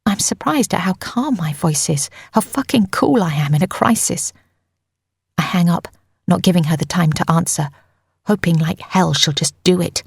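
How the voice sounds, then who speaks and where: A woman's voice: lowish voice, moderate pace, gravelly, husky, dry recording. A woman narrating a tense first-person audiobook on a close mic, in an urgent storytelling manner.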